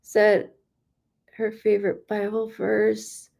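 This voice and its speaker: A woman's voice: mid-range voice, monotone, takes it slowly, gravelly, a little mellow. A woman medium doing a live reading, talking in an emotional, rambling way with many fillers as she relays spirit messages. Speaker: psychic medium.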